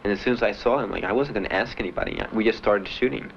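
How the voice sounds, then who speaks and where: A young man giving halting, plain spoken testimony as a war veteran, with many pauses and fillers. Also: fairly low pitch, vocal fry. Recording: muffled 1970s archive recording with faint hiss.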